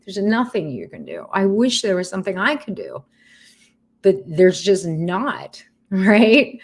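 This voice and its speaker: A woman's voice: mid-range voice, big pitch swings, measured pace. A middle-aged woman giving a candid personal update in a vlog from home, frank and emotional, with casual swearing. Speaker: vlogger sharing a cancer journey.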